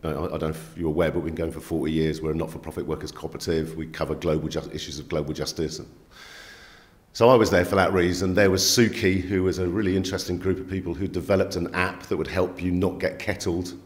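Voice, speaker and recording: A man, a magazine editor telling stories in an animated interview, emphatic and streetwise, often checking in with "yeah?" and "right?". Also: low-pitched, fast. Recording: echoey room.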